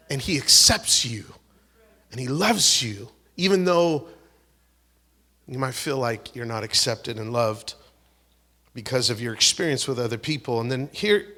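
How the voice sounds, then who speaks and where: A man preaching a sermon, swinging between loud exhortation and hushed, whispered prayer, acting out the voices he quotes. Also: mid-range voice, animated, unhurried. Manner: acts out quoted voices, repeats words and restarts.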